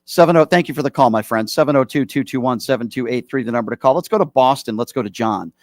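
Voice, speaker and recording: A male radio talk show host in his forties takes calls and speaks his mind bluntly, with plenty of heat behind it. His voice sits at a middle pitch. It is recorded close and dry in a studio. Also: fast, a little mellow, dry recording. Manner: blunt, heated, opinionated. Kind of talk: political call-in talk.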